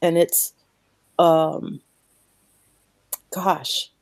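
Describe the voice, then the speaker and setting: A woman speaking slowly and earnestly about her faith as a guest, emotional and close to tears, repeating words as she goes. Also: deep voice, steady tone, no echo. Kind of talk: emotional faith talk on a podcast.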